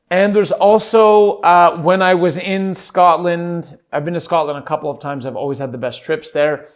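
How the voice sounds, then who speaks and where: A man's voice: fairly high pitch, fairly even intonation, normal speed, hardly any pauses. A man hosting a solo podcast, chatting casually in a goofy, rambling, self-amused way. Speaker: podcast host.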